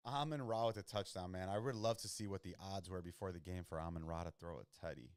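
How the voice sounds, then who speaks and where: Young male host, very low voice, smooth and dry close-mic sound, casual slangy play-by-play reactions. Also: fast talker, few pauses, a little mellow, no room sound. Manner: loose and slangy, reacting to plays. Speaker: podcast host watching football. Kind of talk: casual live-watch commentary.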